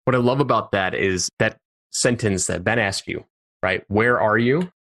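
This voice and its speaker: A man's voice: fairly low pitch, moderate pace, a bit bright. A man hosting a podcast interview, asking reflective questions and affirming his guest. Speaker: podcast host, entrepreneur.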